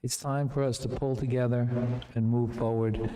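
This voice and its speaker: Board member guy, mellow voice, kinda halting, lots of ums, echoey room. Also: mid-range voice, little pitch movement. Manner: halting, conciliatory, many fillers. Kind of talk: board meeting discussion. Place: meeting room.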